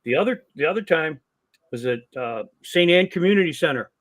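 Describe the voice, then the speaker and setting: An older man with a voice that sits a little high talks as a guest on a casual podcast. He is a veteran wrestling promoter who tells long, animated stories and acts out the lines of the people in them. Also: a little fast. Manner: animated storyteller who acts out quoted dialogue. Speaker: guest, longtime wrestling promoter and ring announcer.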